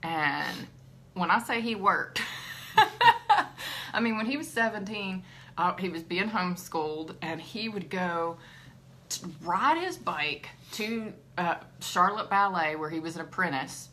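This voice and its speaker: A woman's voice: fairly low pitch, animated, unhurried, sharp tone, a little hiss or hum. A middle-aged woman hosting a casual devotional talk, chatty and laughing often. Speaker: ministry host.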